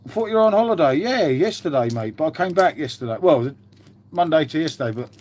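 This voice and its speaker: Male streamer, slightly raised pitch, rambling chatter, casual swearing. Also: expressive, fast talker, a little mellow. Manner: rambling, laid-back, swears freely, says mate constantly. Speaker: livestreamer answering chat. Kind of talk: casual live-stream chat.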